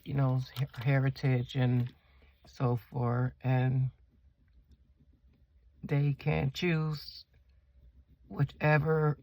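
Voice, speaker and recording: Slow, gravelly-voiced woman chatting while crafting. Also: extremely low pitch. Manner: chatty, asks viewers questions; rambling, slow and relaxed. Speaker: planner vlogger. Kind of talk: casual chat while decorating a planner.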